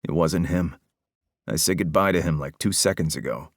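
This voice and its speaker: A man voicing a calm, detached former commando who speaks low and steady. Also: normal speed, no echo, clean studio sound. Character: calm, unflappable ex-commando man, dry-humored.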